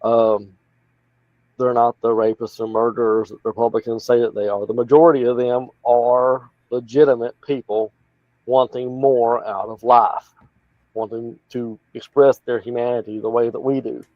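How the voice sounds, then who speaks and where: A man's voice: medium pitch, little pitch movement, moderate pace, dry recording. Appalachian male candidate, folksy and rambling, muffled dry recording. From North Carolina. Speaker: political candidate guest. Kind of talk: casual interview talk.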